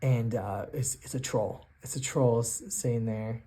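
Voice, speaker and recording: Halting man narrating a solo tabletop game. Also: mid-range voice, steady tone, mellow, husky. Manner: halting, thinking aloud with many restarts. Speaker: solo game master and player. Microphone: self-recorded on camera.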